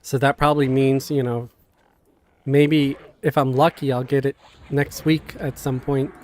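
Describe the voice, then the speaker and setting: A man chatting casually on a game live stream, halting and full of restarts, coughing now and then. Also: medium pitch. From Queens, New York. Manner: halting, many fillers and restarts, animated. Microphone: desk mic, sometimes knocked.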